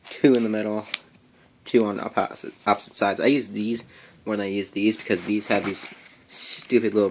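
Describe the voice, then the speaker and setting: A man's voice: fairly low pitch, fairly bright tone, slight background noise. Rambling man showing off his gear. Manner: rambling, many ums and anyways. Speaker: paintball vlogger. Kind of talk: casual show-and-tell.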